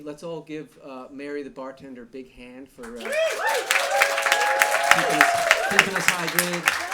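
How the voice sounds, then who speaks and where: A man from Long Island, New York, hosting a live reading series in a bar, joking and energetic with the audience. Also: fairly high pitch. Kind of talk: live event emcee. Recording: noisy bar with crowd. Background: crowd chatter and noise.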